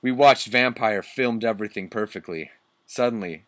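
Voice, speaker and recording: A man's voice: fairly low pitch, measured pace, fairly bright tone, no echo. A young man doing a comic reading of a bad story, mocking and swearing at the text. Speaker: reader.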